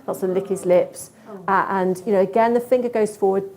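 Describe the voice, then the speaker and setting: Woman giving a conference talk, lively and expressive, warm mellow tone. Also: medium pitch, fairly quick. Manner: lively, expressive, acts out animal thoughts. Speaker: conference speaker on cat behaviour.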